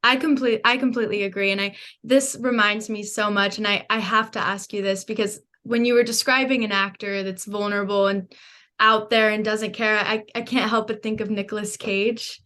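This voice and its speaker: A woman's voice: medium pitch, steady tone, moderate pace, pushed and bright. A woman hosting a podcast speaks in an ordinary mid-range voice. She interviews with eager enthusiasm and often restarts her sentences mid-thought. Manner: enthusiastic, restarts words, frequent backchannel "mm-hmm". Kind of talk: casual interview.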